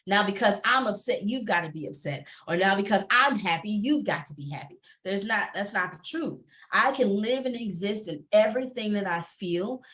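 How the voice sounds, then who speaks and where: Expressive woman on a video call. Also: moderate pace, few pauses. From Atlanta, US. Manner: expressive, laughing often, varied pitch. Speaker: panelist entrepreneur. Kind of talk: panel discussion, personal testimony.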